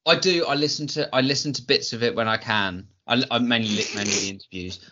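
A man's voice: mid-range voice, fast, background noise. A man calling into a podcast as a guest, chatting in a casual and easily amused way. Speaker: guest joining by call. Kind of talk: casual chat. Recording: dull lo-fi sound.

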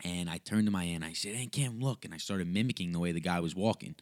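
Joking, deep-voiced young man podcasting. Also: steady tone, fast, no room sound, studio quality. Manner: joking, profane, rambling. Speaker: podcast host and comedian. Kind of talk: casual solo podcast monologue. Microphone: USB microphone.

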